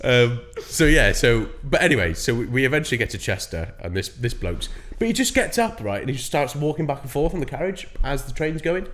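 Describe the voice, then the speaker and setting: Rambling young Englishman with a lively voice. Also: medium pitch, brisk, few pauses. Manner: rambling, swears freely, acts out voices in his stories. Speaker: podcast co-host. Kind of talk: casual storytelling chat.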